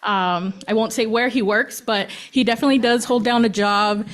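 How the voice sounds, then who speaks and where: A woman presenting a student award at a school board meeting. She speaks off the cuff, halting with frequent ums, and grows emotional. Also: on the high side, steady tone. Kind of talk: nervous unscripted speech at a board meeting. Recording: public meeting room.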